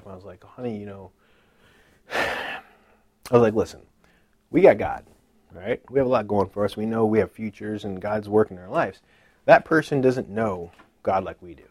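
A man in his thirties telling a personal faith story in a casual, animated way, acting out the people in it. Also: breathy edge, no echo. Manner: animated retelling, acting out dialogue with lively pitch jumps. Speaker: speaker sharing a personal testimony.

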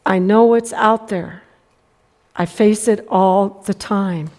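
With a medium pitch, steady tone, and a slightly mellow quality, this middle-aged woman speaks slowly. She's preaching, telling a folksy story from her own life and acting out others' words.

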